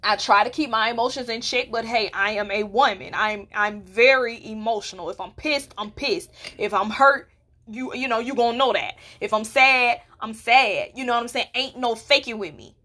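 A woman talks straight to her podcast listeners. Her voice is bright and forceful and sits a little high. She speaks bluntly and keeps asking whether they understand what she means. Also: normal speed. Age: 20s. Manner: candid and blunt, with rhetorical check-ins. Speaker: podcast host. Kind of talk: casual solo podcast talk.

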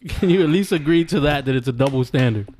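A man's voice: a little high, fast talker, darkish tone. A man co-hosting a casual podcast, laughing often and pressing his point with repeated phrases. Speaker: podcast co-host.

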